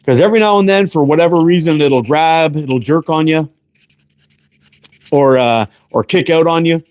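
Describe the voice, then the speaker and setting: A slightly high-voiced man hosts a relaxed livestream from close to the camera. He talks in a loose, easygoing way, peppers his speech with profanity, and calls out viewers by name as he works. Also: normal speed. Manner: laid-back, profane, greets viewers by name. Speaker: livestream host and slingshot maker. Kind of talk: casual livestream chat while woodworking. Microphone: camera close up, leaning in to read chat.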